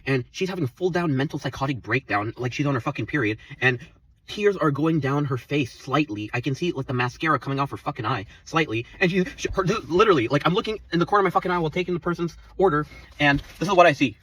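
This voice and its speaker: A man's voice: on the high side, expressive, fast, a bit bright, slightly rough, far from the mic, rough recording. A man in his twenties telling an angry, profane story about his workplace, rambling and heated. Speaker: vlogger.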